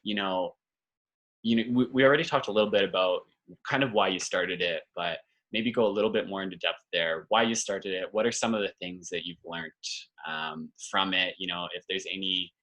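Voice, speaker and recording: Deep-voiced hesitant male host. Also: brisk, fairly bright tone. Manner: hesitant, many "um" and "you know". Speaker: podcast host. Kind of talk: interview questions.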